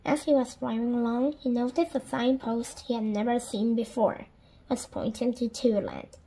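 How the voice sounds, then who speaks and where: A woman reading a children's storybook aloud in a gentle, deliberate storytelling manner. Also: on the high side, a little hiss or hum, low-quality recording. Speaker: storybook reader.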